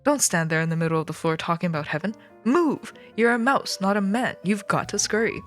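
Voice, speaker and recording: A woman reading aloud, voicing an impatient young male mouse who shouts instructions. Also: sits low, faint music behind, lightly acted. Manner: shouting, hurried.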